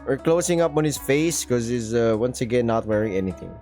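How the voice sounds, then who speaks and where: A man's voice: medium pitch, fairly quick, faint music behind. A man playing a visual novel, reading it aloud and cracking crude jokes in casual commentary. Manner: joking, crude, animated. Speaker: gaming streamer.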